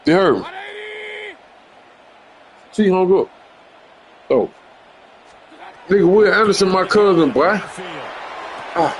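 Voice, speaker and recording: Loud trash-talking man gaming. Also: high-pitched, animated, unhurried, long pauses. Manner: loud, boastful trash talk with heavy slang and profanity. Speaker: gamer streamer. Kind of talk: trash-talking game commentary.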